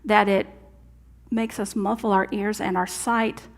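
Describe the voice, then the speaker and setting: A woman's voice: mid-range voice, level tone, a little slow. Earnest woman preaching conversationally. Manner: conversational, earnest, drops to soft asides. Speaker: minister. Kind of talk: sermon. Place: church sanctuary.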